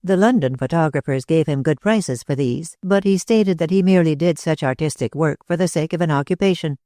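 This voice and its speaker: A man narrating a classic novel as an audiobook reader, in a measured, even way. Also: fairly high pitch, no room sound, studio quality. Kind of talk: scripted narration.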